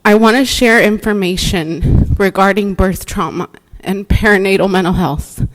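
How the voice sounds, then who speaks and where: A woman's voice: mid-range voice, poor audio. A woman therapist giving earnest, emotional public comment at a board meeting, reading prepared remarks.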